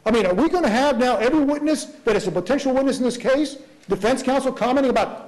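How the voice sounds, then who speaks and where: A prosecutor arguing a motion before a judge, earnest, with many rhetorical questions and restarts. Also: male voice, very high-pitched, expressive, quick pace, hardly any pauses, darkish tone, low-quality recording. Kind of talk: courtroom argument.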